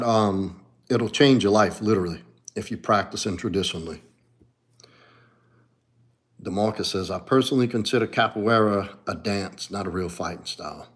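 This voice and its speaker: Blunt, profane New Orleans man. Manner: blunt and profane, swings between low mutters and animated outbursts. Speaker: livestream host and martial arts coach. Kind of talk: casual livestream chat reading comments.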